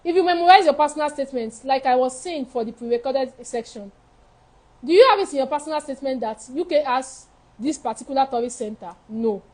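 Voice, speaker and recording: A high-pitched woman coaches students in a live advice session. She talks frankly and with emphasis, and she drives each point home by repeating it. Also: animated, a little fast, a little mellow, low-quality recording. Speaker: study-abroad counselor. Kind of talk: live advice session answering viewer questions.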